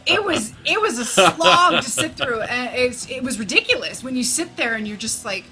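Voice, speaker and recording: A woman's voice: medium pitch, lively intonation, measured pace, soft background music. A woman co-hosting a casual film review, chatty and prone to exasperated rants. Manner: chatty, gets loud and exasperated when ranting. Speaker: movie reviewer co-host.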